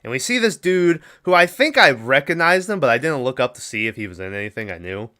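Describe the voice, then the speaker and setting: Man, podcast host, casual rambling movie recap, bright tone, smooth clear voice. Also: mid-range voice, big pitch swings, fast. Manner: rambling, recaps with acted quotes and laughs.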